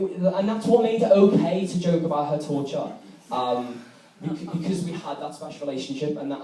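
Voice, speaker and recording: A young man giving a comic storytelling speech to a debate society, animated and often laughing as he talks. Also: a little high, slight background noise. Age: young adult. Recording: echoey room, from far off.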